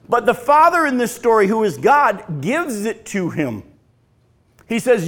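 A male pastor preaching a sermon, swinging from loud emphatic lines to hushed, slow, drawn-out phrases. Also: high-pitched, very animated.

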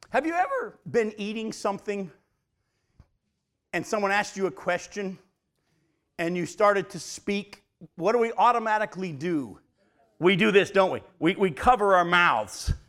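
A man with a slightly high voice leads a Bible study sermon. He moves between reading scripture aloud and plain, conversational explanation, putting questions to his listeners. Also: fairly bright tone. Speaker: pastor. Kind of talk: teaching sermon.

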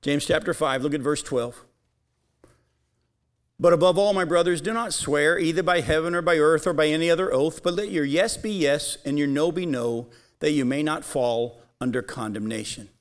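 Speaking at a moderate pace in a fairly high voice, a man preaches emphatically, reading scripture aloud and asking his audience questions.

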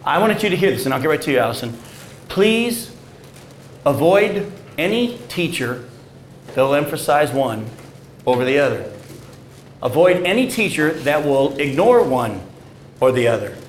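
A man preaching a sermon and reading scripture aloud, swinging between loud emphatic peaks and low, quiet stresses. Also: big pitch swings, normal speed, pauses often, reverberant, slight background noise, rough recording. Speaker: pastor.

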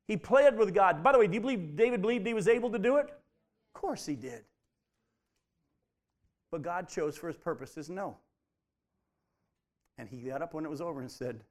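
A man preaching a sermon, animated and emphatic, often stressing his points by repeating them. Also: sits high. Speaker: pastor.

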